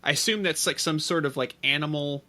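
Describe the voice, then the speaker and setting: A man's voice: fairly high pitch, fairly quick, bright, forceful tone. A man co-hosting a casual podcast, explaining a topic at length with many fillers and restarts. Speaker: podcast co-host.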